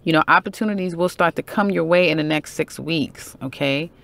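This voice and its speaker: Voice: medium pitch, brisk, gravelly, a bit bright. A tarot reader giving a casual monthly horoscope reading, chatty and emphatic, with many fillers, self-corrections and "okay?" check-ins to the viewer.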